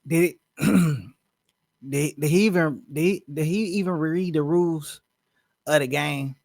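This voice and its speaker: A man's voice: fairly high pitch, measured pace, gravelly, darkish tone, dry recording, clean studio sound. A man giving casual reaction commentary on a dating show, with incredulous, wry asides that trail off.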